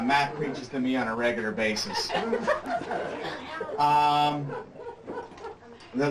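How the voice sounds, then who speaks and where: A man starting a rambling, laughing story as a birthday toast. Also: medium pitch. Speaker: son-in-law giving a toast. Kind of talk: storytelling speech. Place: room at a family party. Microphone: far camcorder. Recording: echoey room from far off, noise.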